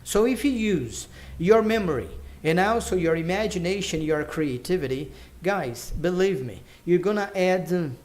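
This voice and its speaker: High-voiced man teaching English. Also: lively intonation, darkish tone. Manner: chatty, explains slowly, counts aloud. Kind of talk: casual online English lesson.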